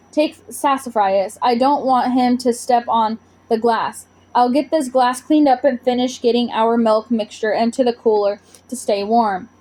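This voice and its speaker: A woman voicing a practical mother giving clear, brisk instructions in a storybook read-aloud. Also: a little high, a little mellow, close to an everyday voice.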